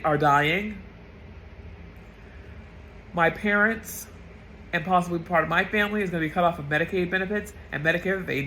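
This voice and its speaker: A woman's voice: on the low side, fairly bright tone, a little hiss or hum, low-quality recording. A woman getting over a cold delivers an impassioned political rant as a vlogger, blunt, profane and emotional.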